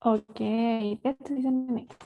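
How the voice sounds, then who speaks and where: A woman's voice: fairly high pitch, fairly even intonation, moderate pace, gravelly, dark tone, highs cut off. A woman teaching an online English class, coaxing students along and often asking "right?" over a video call. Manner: switches between English and Spanish, coaxing students with frequent "right?".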